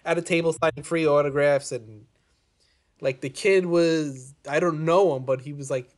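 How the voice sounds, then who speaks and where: A man's voice: a little high, moderate pace. Man laughing through a story. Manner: laughs through stories, swears. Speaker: podcast co-host. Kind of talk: casual chat.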